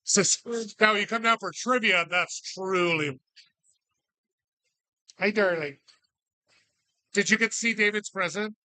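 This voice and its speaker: A man's voice: high-pitched, a little slow, long pauses, bright, forceful tone. A man hosting bingo night at a bar, calling numbers and joking with the crowd in a sarcastic, loose, profane way. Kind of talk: casual live hosting with banter. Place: bar, live event.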